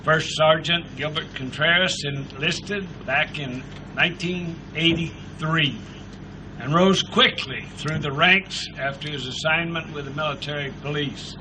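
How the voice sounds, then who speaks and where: A man with a fairly high voice formally introduces the next speaker as master of ceremonies. The noisy recording sounds like an outdoor PA. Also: unhurried. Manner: formal announcing.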